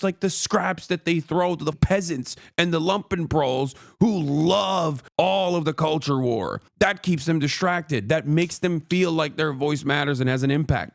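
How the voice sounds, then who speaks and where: A male streamer rants in exasperation, and his fairly high voice jumps into loud shouts. The sound is dry and close, with no room around it. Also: no room sound. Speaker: streamer reacting to news. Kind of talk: live-stream commentary rant.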